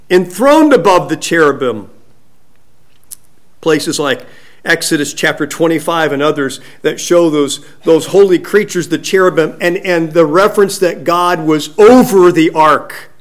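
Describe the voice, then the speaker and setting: A man preaching a sermon, slow and emphatic, dropping at times to a soft hush. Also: on the high side, animated. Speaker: pastor.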